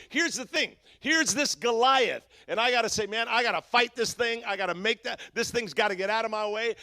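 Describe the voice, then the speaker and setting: A high, forceful male voice preaches a sermon with a gravelly edge, dropping from loud shouts to hushed asides in a chatty, filler-laden way. The sound is dry and close, with no room around it. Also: dry recording. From Southern California. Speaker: pastor.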